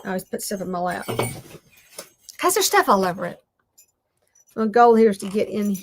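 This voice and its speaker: A woman's voice: medium pitch, big pitch swings, moderate pace, pauses often. A woman chatting to her viewers while she crafts, talking to herself and laughing often. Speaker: crafting vlogger. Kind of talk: casual crafting chat to viewers.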